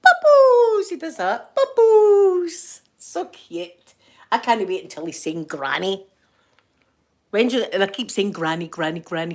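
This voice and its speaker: An older woman with a Scottish accent, chatting casually to her viewers and laughing often as she rambles through stories. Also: on the low side. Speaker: vlogger reading live chat. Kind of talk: casual chat.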